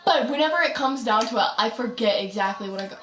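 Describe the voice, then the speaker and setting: A chatty young woman rambles through her game, hopping between asides. Her voice sits a little high and comes from a step back from the mic. The room echoes around her and faint music plays underneath. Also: expressive, fast talker, a bit bright, distant mic. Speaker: gaming streamer. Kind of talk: casual gameplay commentary.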